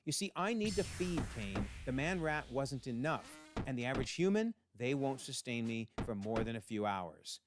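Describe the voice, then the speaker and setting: A man's voice: mid-range voice, very animated, moderate pace, hardly any pauses, music in the background, natural voice. A man voicing a cold, menacing ancient male predator villain, over a noisy home recording.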